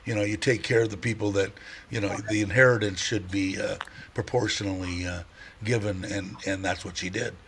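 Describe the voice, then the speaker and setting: A man's voice: fairly low pitch, steady tone, fairly quick, creaky, fairly bright tone, a little hiss or hum. Rambling, chuckling livestream host man. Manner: rambling and chatty, laughs often, many fillers and restarts. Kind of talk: casual livestream chat.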